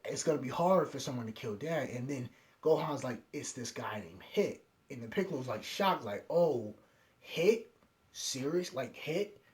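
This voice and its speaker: A young man casually recapping an anime episode scene by scene, acting out each character's lines in quick quoted bits. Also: mid-range voice. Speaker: anime reviewer.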